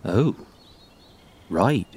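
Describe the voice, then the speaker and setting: A man's voice: on the low side, lively intonation, very slow, darkish tone, husky, no room sound, exaggerated voice. A man voicing a dim, boastful rustic farmer who rambles proudly about his horses in a comedy sketch.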